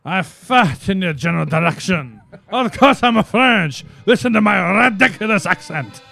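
A man's voice: high-pitched, lively intonation, normal speed, gravelly, pushed and bright, soft background music, pitched above the performer's own voice, exaggerated voice. A man putting on a haughty, mocking French taunter with an exaggerated fake accent.

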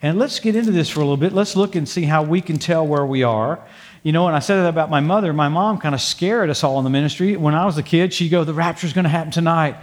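Folksy older male preacher, slightly high. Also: fast. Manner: folksy, humorous storytelling with frequent praise interjections. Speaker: pastor. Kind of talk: sermon with prayer. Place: church sanctuary before a congregation.

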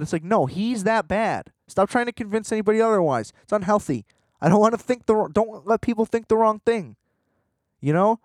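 A man's voice: high-pitched, lively intonation, brisk, dry recording, clean studio sound. Profane, fired-up man ranting about football. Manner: frustrated, profane, rambling with lots of fillers. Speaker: sports podcast host. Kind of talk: casual sports rant.

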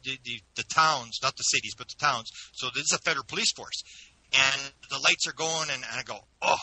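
Fast-talking man with a bright voice. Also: mid-range voice, poor audio. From Canada. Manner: animated, with frequent restarts. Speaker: interview guest. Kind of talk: telling a personal story in an interview.

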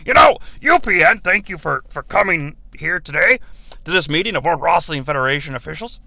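Pompous promoter , a man doing the voice, gravelly and salesy. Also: fairly high pitch, sing-song, fairly quick, pushed and bright, no echo, heavily acted. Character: pompous male wrestling promoter pitching executives.

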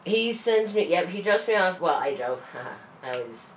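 Casual woman, storyteller who swears and laughs, slightly low voice, set back from the mic in a roomy space. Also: lively intonation, normal speed, recorded from a distance. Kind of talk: casual chat. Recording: roomy, off-mic, faint hiss.

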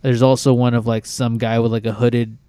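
A young man on a podcast, chatting in a loose, laid-back way with lots of swearing and filler words. His voice is smooth and clear, recorded close and dry with no room sound. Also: medium pitch, little pitch movement, a little fast, dark tone, no echo. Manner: laid-back, swears a lot, says "like" and "dude" constantly. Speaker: podcast co-host. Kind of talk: casual podcast chat.

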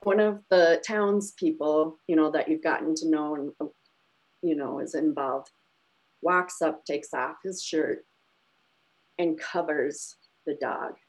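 A woman podcast co-host talks in a casual, chatty way, and her voice sits on the lower side. She retells scenes with open emotion and lively energy. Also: slow pace, rough recording. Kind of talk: casual chat.

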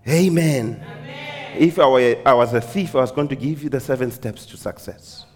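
A man pastor preaching a sermon, calling out hallelujah and amen, swinging between shouted and hushed delivery. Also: medium pitch, long reverb tail.

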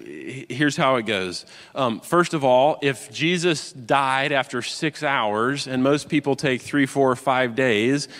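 A man preaching a sermon, moving from quiet explanation to loud, impassioned proclaiming. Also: mid-range voice. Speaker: pastor. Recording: long hall reverb.

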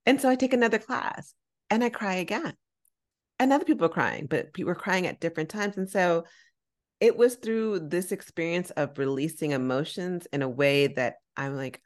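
Woman, low voice, podcast co-host, animated storytelling, casual slang, acts out quotes.

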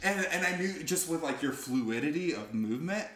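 A man's voice: a little high, lively intonation, normal speed, fairly bright tone. A young man co-hosting a podcast, chatting casually and joking playfully with frequent swearing. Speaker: podcast co-host. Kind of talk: casual chat. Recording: roomy echo.

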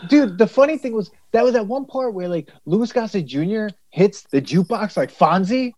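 A man co-hosting a podcast in casual chat, animated and acting out quotes from a movie. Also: high voice, normal speed, no room sound. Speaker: podcast co-host.

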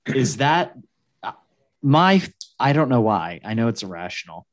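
A man's voice: mid-range voice, measured pace. A man co-hosting a casual podcast, chatty and joking as he tells stories. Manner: chatty, joking, animated storyteller. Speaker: podcast co-host. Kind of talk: casual chat.

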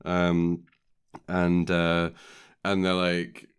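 A deep-voiced man chats casually as a podcast co-host. He rambles and jokes, filling gaps with plenty of ums. His voice is smooth and clear. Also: monotone, very slow. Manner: rambling, filler-heavy, jokey. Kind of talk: casual chat recapping a film.

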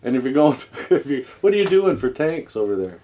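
Man, mid-pitched, playful game-night banter with frequent laughs. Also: very animated, fairly quick, mellow. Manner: joking, laughs often, swears. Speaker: board game player. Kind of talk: casual chat.

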